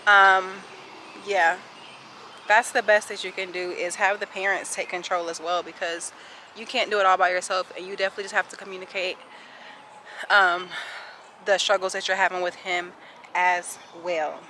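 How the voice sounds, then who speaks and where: Walking outdoors with a handheld camera, a kindergarten teacher in her twenties answers viewer questions in a casual vlog, out of breath and calling her audience "sis" and "y'all." Her voice is fairly low with little pitch movement, pushed and bright at a moderate pace. She sounds chatty and sassy over slight background noise.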